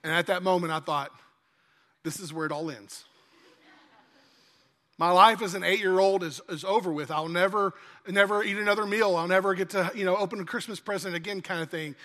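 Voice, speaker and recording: A man's voice: high-pitched, steady tone, fast, few pauses, bright, forceful tone. A man preaching a sermon in a church, telling a folksy story. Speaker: pastor. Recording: long church-hall reverb.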